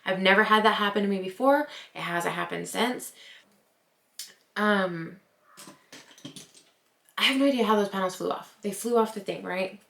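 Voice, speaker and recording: A woman's voice: medium pitch, normal speed, vocal fry, long pauses, fairly bright tone. A young woman telling a spooky personal story in a chatty vlog, with lots of "like" and laughing at herself. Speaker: vlogger. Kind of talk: casual storytime. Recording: roomy echo.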